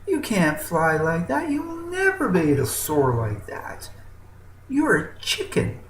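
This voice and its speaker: A man's voice: a little high, big pitch swings, takes it slowly, creaky, reverberant, a little hiss or hum, heavily acted. A man voicing a folksy, mocking male chicken with a drawling, countrified way of talking. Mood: scornful.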